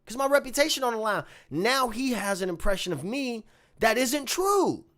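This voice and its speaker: Animated storytelling man, lively pitch. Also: normal speed. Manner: animated, swings from muttering to shouting. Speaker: bass player telling a story. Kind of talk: casual storytelling vlog.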